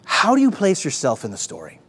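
A male pastor preaching a sermon, energetic and exclamatory, calling out to the congregation. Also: on the high side, fairly quick, breathy edge. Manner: energetic, exclamatory, call-and-response.

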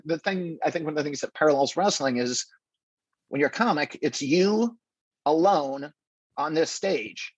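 A man, a stand-up comedian, telling stories in a casual interview, animated and full of restarts and acted-out quotes. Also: fairly high pitch, breathy edge, dry recording, dull audio.

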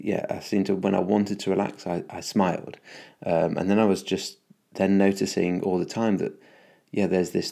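Upbeat podcast host, very low voice with gravelly fry, rambling and full of ums. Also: male voice, warm tone. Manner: rambling, upbeat, many fillers and restarts. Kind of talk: casual solo podcast monologue.

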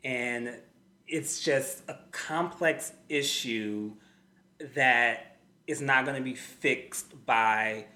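A man with a bright, clear voice joins a casual panel chat. He makes his points earnestly. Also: mid-range voice, very slow. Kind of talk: casual group discussion.

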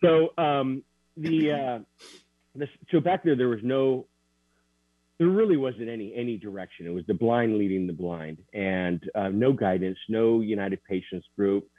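A man recounting a personal story as an interview guest, earnest and halting, with many restarts. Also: lowish voice, no room sound. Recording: tinny dry phone line.

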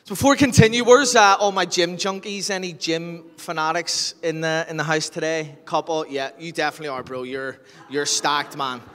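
A man's voice: on the high side, normal speed, few pauses. A man with a Northern Irish accent preaching a sermon as pastor, telling jokey stories and acting out scenes. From Northern Ireland. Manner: animated storyteller, jokey, acts out scenes. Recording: long hall reverb.

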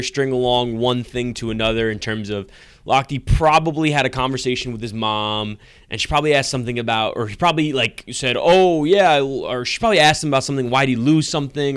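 A man's voice: medium pitch, a bit bright, clear, resonant tone, dry recording. A man co-hosting a podcast in casual chat, rambling and laughing as he tells stories. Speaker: podcast co-host.

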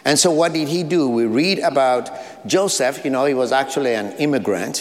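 A man's voice: a little high, animated, brisk, big-room sound. A man with an African accent, preaching a sermon as pastor, earnest, with short repeated phrases and light asides. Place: church sanctuary.

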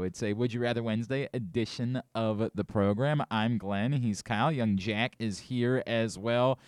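A man's voice: mid-range voice, steady tone, normal speed, few pauses, a little mellow, dry recording, clean studio sound. A man hosting a radio show, chatting casually and reading contest promos with rising enthusiasm. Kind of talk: casual sports radio chat.

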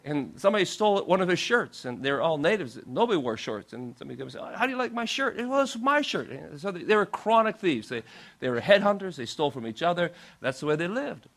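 Man, pastor, sermon story, animated, fairly high-pitched voice. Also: quick pace, vocal fry.

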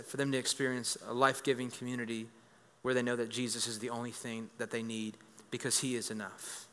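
A man in his thirties delivers a sermon in a high, bright voice. He jokes with the congregation and circles back on his words. The sound rings through a large church hall with a long reverb. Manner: energetic, joking, repeats words. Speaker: pastor.

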